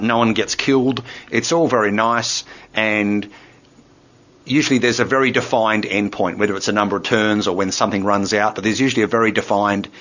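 A man's voice: lowish voice, a bit bright, muffled recording. A man co-hosting a radio show, explaining things with enthusiasm and a lot of "you know"s. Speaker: radio co-host. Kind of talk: casual radio chat.

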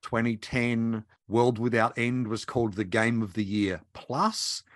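A man hosts a podcast chat in a mid-pitched voice, asking questions in a relaxed, conversational way. The sound is dry and close, with no room echo. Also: unhurried. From Australia. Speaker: podcast host. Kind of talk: podcast interview.

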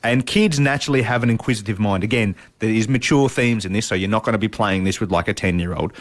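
A man's voice: fairly low pitch, quick pace. A man co-hosting a podcast, chatting casually and with animation about board games. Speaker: podcast co-host. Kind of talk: casual chat.

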